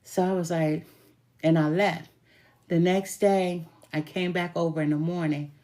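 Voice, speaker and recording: A woman's voice: fairly low pitch, fairly even intonation, a little slow, dark tone. A woman reading tarot as a self-styled good witch, talking casually to camera with laughs and a few swear words. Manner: chatty, laughing, swears while telling stories. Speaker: tarot reader calling herself a good witch.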